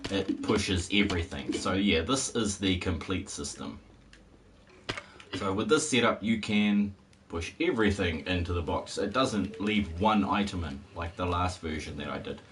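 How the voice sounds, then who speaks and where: Picked up by a distant mic with faint hiss, his deep, slightly bright voice sounds a bit off-mic. The man rambles wryly and unhurriedly while streaming a game, offering casual live-stream commentary.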